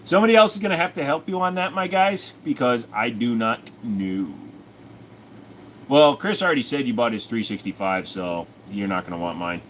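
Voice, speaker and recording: A man's voice: mid-range voice, normal speed, a bit bright, a little hiss or hum. A man hosting a casual livestream from home, answering chat questions in a crude, jokey way and often breaking into silly voices. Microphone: desk microphone.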